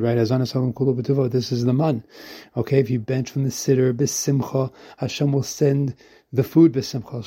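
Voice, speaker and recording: A rabbi teaching a weekly Torah lesson in a dark, husky voice. He talks earnestly, trips over his words and restarts, and reads Hebrew quotes before explaining them in English. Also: mid-range voice.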